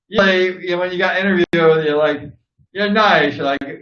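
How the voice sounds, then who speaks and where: Male host from Southern California, lively storyteller who laughs a lot; bright, forward tone in a roomy, muffled room. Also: sits high, unhurried. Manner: animated, laughs often, acts out past dialogue. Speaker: host, former motorcycle racer. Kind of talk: casual storytelling to camera.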